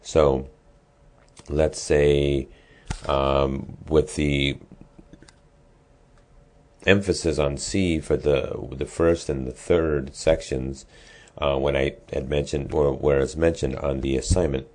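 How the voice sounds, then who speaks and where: A man with an extremely deep, low voice walks students through a class assignment. He talks casually and explains each step, pausing on ums and restarting his sentences. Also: steady tone, darkish tone. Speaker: music teacher. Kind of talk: screen-recorded lesson walkthrough.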